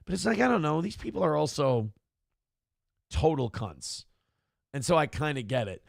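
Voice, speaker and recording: A man's voice: fairly high pitch, moderate pace, gravelly, no echo, studio quality. A man in his forties hosting a morning talk show, telling profane, rambling stories in a casual chat style. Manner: profane, animated storytelling.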